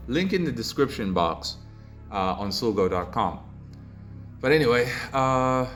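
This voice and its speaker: A man hosting a commentary video, reading out viewer comments and ranting in a mocking, heated way that climbs into loud exasperated outbursts. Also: fairly low pitch. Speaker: commentary channel host.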